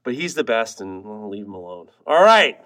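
A man hosting a podcast, loud and profane, laughing and teasing his co-hosts in casual banter. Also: on the low side, sing-song, moderate pace. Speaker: podcast host.

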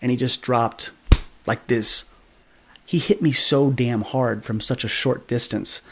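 A man in his thirties, a podcast guest, telling a story in a casual, animated way, acting out quoted dialogue with many fillers. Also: medium pitch, a little slow, a little hiss or hum.

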